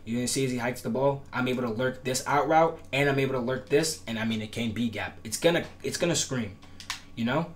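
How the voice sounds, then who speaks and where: A man's voice: medium pitch, fairly quick. A man explaining defensive setups in a casual gameplay tutorial, emphatic and repetitive, his voice cracking at times. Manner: instructive, repetitive, emphatic promises. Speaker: gaming tutorial creator.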